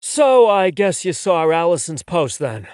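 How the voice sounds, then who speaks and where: A brash young man who says whatever he thinks, as the male narrator puts him on. His lines jump up and down in pitch. The recording is dry and close. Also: very animated, darkish tone, clear, resonant tone, no echo. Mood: wry. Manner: blunt, shameless, quick-talking. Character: brash, blunt young man, the fake boyfriend. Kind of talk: audiobook dialogue.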